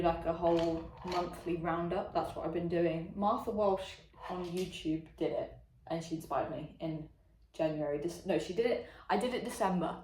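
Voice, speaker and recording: A woman's voice: mid-range voice, a little mellow, a little hiss or hum. A young British woman chatting casually to camera in a vlog, rambling and correcting herself, sometimes dropping to a whisper. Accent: British English. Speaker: vlogger.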